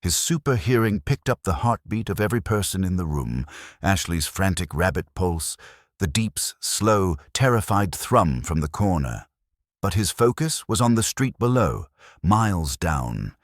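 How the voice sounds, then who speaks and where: Very deep-voiced dramatic male narrator. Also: no room sound, clean studio sound. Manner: brooding, theatrical storytelling.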